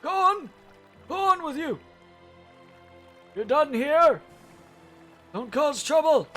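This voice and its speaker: A cranky old goblin gatekeeper's high whisper-yell. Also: male voice, big pitch swings, takes it slowly, faint music behind, full character voice. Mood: shooing. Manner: loud whisper-yelling, shooing people along.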